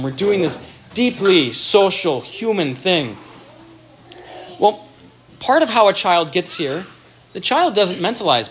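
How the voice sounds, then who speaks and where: A man's voice: high-pitched, a bit bright, a little hiss or hum. A man giving an explanatory talk on child development, thoughtful, with restarts and everyday examples.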